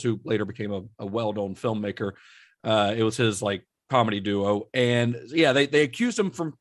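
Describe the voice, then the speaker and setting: A man hosting a casual film podcast. His voice is mid-pitched and relaxed, and he breaks into easy laughter while he explains. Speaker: podcast host.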